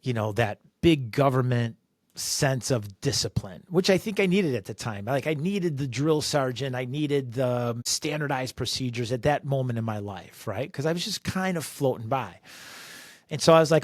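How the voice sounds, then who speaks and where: Animated storytelling man, dry close mic. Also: mid-range voice, moderate pace, dry recording. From Chicago, USA. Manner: animated, acts out dialogue, frequent fillers. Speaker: author and podcast host. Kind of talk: storytelling monologue. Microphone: close podcast mic.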